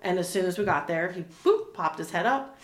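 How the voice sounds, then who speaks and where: Chatty woman with a lower voice. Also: animated, fairly quick, echoey room. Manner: chatty, laughing, many fillers and restarts. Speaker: animal communicator guest. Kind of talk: casual interview chat.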